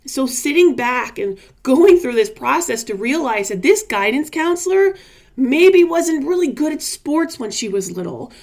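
A woman's voice: high voice, very animated, measured pace, gravelly, a little mellow. Earnest woman in her forties telling a story. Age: 40s. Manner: earnest, emotional, casual with many fillers. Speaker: vlogger. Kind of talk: personal storytelling vlog.

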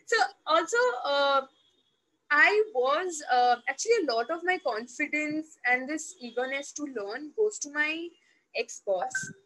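High-voiced woman. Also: a little slow, poor audio. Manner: animated, acts out quoted dialogue; loose, restarting, many fillers. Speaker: interview guest. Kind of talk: personal storytelling.

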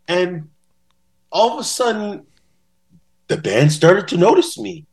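A man's voice: sits high, sing-song, slow pace, creaky, darkish tone. A man telling stories as a podcast guest in a casual interview. He acts out quotes in different voices. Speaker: podcast guest, bass-playing fan.

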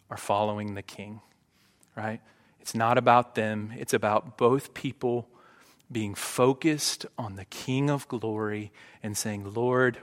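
A pastor with a fairly low, slightly bright voice delivers a sermon to his congregation. The church sanctuary gives a long hall reverb, and he keeps it conversational, often asking "right?"

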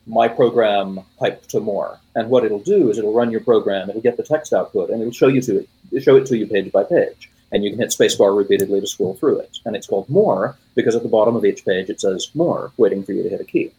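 A man's voice: on the low side, fast talker, hardly any pauses, warm tone, slightly rough, muffled recording. A man in his late forties from the United States, talking shop casually about computing, rambling with many fillers and self-corrections. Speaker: podcast guest. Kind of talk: casual technical chat.

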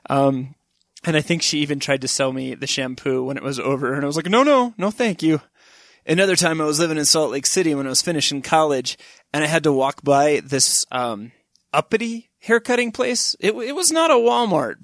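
Wry man telling comic stories, dry sound. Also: dry recording. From Wyoming. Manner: wry, deadpan asides with bursts of high-pitched emphasis. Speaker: storyteller. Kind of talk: comic personal storytelling.

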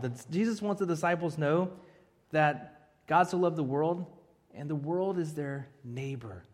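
A high-pitched man delivers a lively sermon, swinging between loud emphasis and quiet asides, with a joke dropped in now and then. His voice rings through a church hall with a long, trailing reverb. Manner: animated preaching with joking asides. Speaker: pastor.

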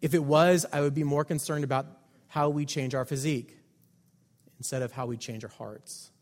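Male pastor, emphatic sermon delivery, slightly high voice, long church reverb. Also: fairly even intonation, normal speed. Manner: emphatic, swings between loud stresses and quiet asides.

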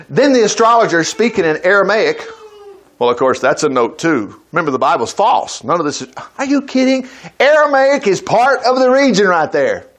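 A male preacher telling a Bible story in a folksy, animated way, acting out the characters. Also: high-pitched. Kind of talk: lively storytelling sermon.

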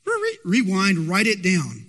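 A man's voice: high voice, wildly swooping pitch, slow pace, a bit bright. A man preaching a sermon as pastor, emphatic and asking the congregation rhetorical questions. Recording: long hall reverb.

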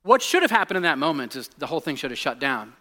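A man in his forties giving a conversational sermon as a pastor, telling stories with lots of restarts and sinking to a hushed voice on serious points. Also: on the high side, fast talker. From United States. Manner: animated storytelling, drops to a hushed voice on serious points, many restarts.

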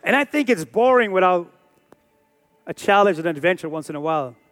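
A man's voice: sits high, expressive, brisk, a bit bright, faint music behind. A pastor in his forties preaching a sermon with emphatic, repeated phrases and rhetorical questions. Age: 40s.

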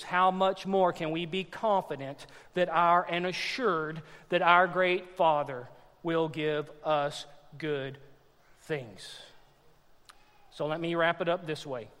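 High-voiced preaching man in a reverberant hall. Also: a bit bright. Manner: emphatic preaching, calls out "Church" to the congregation. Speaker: pastor. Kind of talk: sermon.

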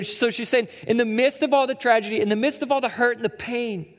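A man's voice: very high-pitched, fairly even intonation, fast. A man in his thirties preaching a sermon as a pastor, conversational and storytelling, with stammering repeats. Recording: echoey hall reverb.

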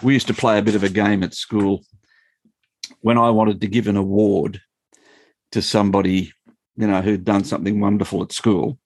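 A man's voice: on the low side, normal speed, long pauses, dry recording. Chuckling man explaining scripture. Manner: animated storytelling with frequent chuckles. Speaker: Bible teacher and former school principal. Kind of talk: explanatory Bible talk.

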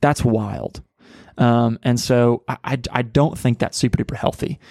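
A man's voice: mid-range voice, fairly even intonation, measured pace, gravelly, a little mellow, dry recording. Earnest male pastor, dry close sound. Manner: earnest, conversational, frequent fillers. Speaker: pastor and podcast co-host. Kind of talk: casual podcast discussion.

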